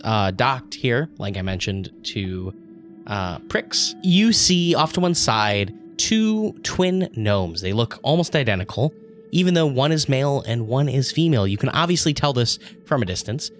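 Man, game master, rambling narration, mid pitch. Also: unhurried, soft background music. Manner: relaxed, rambling with fillers. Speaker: dungeon master.

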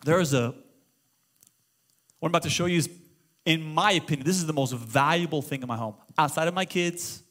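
Animated middle-aged pastor preaching. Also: male voice, fairly high pitch, a little fast, long pauses. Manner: animated, swings from loud exclamations to hushed storytelling. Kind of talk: sermon. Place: church auditorium.

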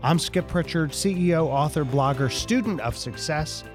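Animated middle-aged male podcast host. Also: fairly high pitch, moderate pace, over music. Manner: earnest, emphatic, building up encouraging scenarios. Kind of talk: motivational podcast monologue.

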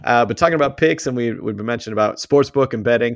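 A man's voice: medium pitch, fast, hardly any pauses, no echo. Boston-accented male podcast co-host, casual and jokey, dry close mic. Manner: laughs often, reads ad reads upbeat. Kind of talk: casual sports and movie chat.

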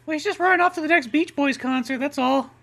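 Woman, very high voice, crude running jokes over a movie. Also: fast, vocal fry, a bit bright. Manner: profane, mocking, does silly voices. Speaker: co-commentator. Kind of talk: crude comedic commentary on a film.

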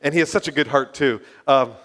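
A man preaching and telling testimony stories with passionate, excitable energy, now and then bursting into shouts. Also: medium pitch, brisk. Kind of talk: sermon testimony storytelling.

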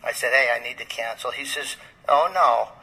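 Male pastor, very bright husky voice, rambling storyteller, lo-fi radio sound. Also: medium pitch, moderate pace. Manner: rambling, with many fillers and restarts. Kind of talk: storytelling in a podcast interview.

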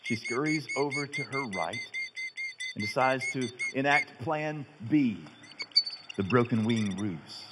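Animated preacher man, echoey hall. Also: on the low side, unhurried, noisy background. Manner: animated storytelling, conversational asides. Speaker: pastor. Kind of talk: sermon.

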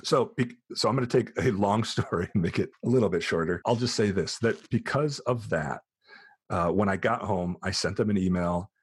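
A man's voice: fairly low pitch, normal speed. An American man in his forties, hosting a podcast and telling a personal story in a casual chat, acting out the voices of the people in it. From United States. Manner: animated storyteller who acts out quoted voices. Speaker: podcast host.

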